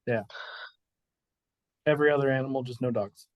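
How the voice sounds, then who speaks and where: Brief: man game master, mid-pitched, dry close sound, easygoing and chatty. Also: steady tone, moderate pace, dry recording. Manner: laid-back, laughs often, many "like" fillers. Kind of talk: narrating a tabletop game.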